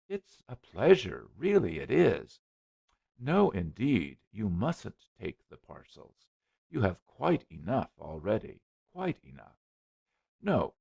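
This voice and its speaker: Narrator doing a nervous polite young man, eager, gravelly, muffled sound. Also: lowish voice, a little mellow, dry recording, exaggerated voice. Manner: hasty, flustered. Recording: dull lo-fi recording.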